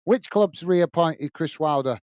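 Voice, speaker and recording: A man's voice: fairly high pitch, unhurried, darkish tone, no echo. A man hosting a live football watch-along, chatting loosely with viewers, reading out their comments and calling the play, often saying "mate". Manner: reads viewer comments aloud. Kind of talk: casual live-stream chat and match commentary.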